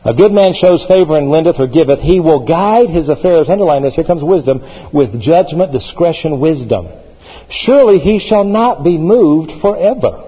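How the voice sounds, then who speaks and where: Man preaching a sermon, emphatic repetition, husky voice, echoey church, muffled broadcast sound. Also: a little high, expressive, normal speed. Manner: emphatic, repeats phrases with rising intensity. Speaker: pastor.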